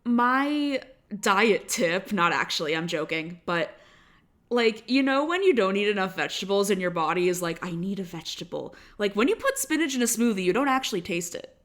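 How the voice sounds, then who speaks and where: A woman's voice: mid-range voice, sing-song, normal speed, a bit bright. A young adult woman co-hosting a podcast, telling stories in a chatty, casual way with a lot of "like" fillers. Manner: chatty storytelling, heavy on "like" fillers. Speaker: podcast co-host. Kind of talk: casual chat.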